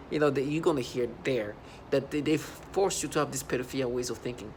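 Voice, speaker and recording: A man delivering an agitated, repetitive monologue for a video, swinging between low muttering and loud outbursts. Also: brisk, hardly any pauses, noisy background. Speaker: vlogger.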